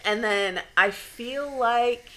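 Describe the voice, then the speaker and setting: A woman co-hosting a podcast, telling a story in a blunt, animated way with plenty of swearing. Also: a little high, extremely slow. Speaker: podcast co-host. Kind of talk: casual storytelling chat.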